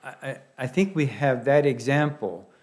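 A man with a Pennsylvania Dutch accent preaches a sermon in a folksy, halting way. He often restarts his phrases and slips in light humor. His voice sits at an ordinary middle pitch. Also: a little mellow. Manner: halting, with many restarts and fillers.

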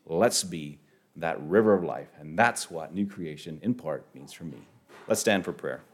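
A man preaching a sermon, halting and repeating words, rising sharply on key phrases. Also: extremely low pitch, lively intonation, breathy edge.

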